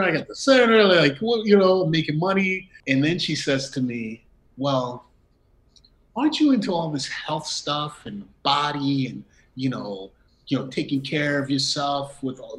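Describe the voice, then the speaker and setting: A man's voice: a little high, lively intonation, moderate pace, low-quality recording. A middle-aged man, a guest in a conversation, telling a personal story and acting out the quoted dialogue with bursts of laughter. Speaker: interview guest.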